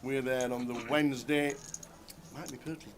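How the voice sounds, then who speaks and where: A man's voice: medium pitch, moderate pace, a crowd in the background. Chatty man commentating poker. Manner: chatty, relaxed, banters with co-host. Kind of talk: live poker commentary, casual chat.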